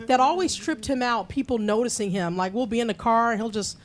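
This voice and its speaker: Animated woman with a higher voice. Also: a little fast. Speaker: interview guest, daughter of the film's subject. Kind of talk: casual interview chat.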